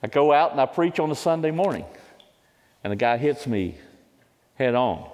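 A man in his fifties preaching a sermon, giving impassioned testimony that climbs into loud pleading cries. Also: medium pitch, expressive, moderate pace, muffled recording. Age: 50s. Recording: long hall reverb.

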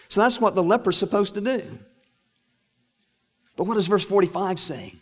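A middle-aged male preacher delivers a sermon as animated storytelling. His voice sits fairly high, and long reverb from the hall trails after each phrase. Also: normal speed, long pauses, breathy edge. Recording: echoey hall.

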